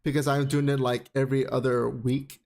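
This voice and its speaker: A man hosting a casual show, recapping comics in an expressive, sassy way, full of swearing and dramatic repeated exclamations. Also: medium pitch, a little fast. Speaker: podcast host.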